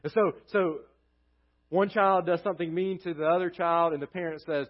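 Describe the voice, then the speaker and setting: A man preaching a sermon as pastor, earnest, his voice dropping low and quiet at the ends of phrases. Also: steady tone, moderate pace, dull audio.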